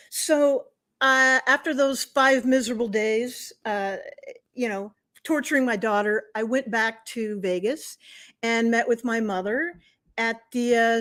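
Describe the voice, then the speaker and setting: A middle-aged woman hosts a live stream from home, talking into her webcam. She tells her story in a chatty, animated way, with a voice pitched a little high. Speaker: host.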